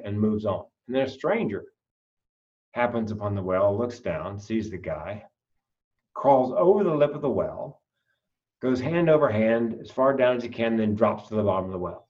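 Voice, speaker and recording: A man who is a comedian and podcast guest, telling stories in a casual, animated way and acting out the voices in them. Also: fairly low pitch, moderate pace, recorded from a distance, dull audio. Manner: animated storyteller, acts out voices. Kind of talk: casual storytelling interview.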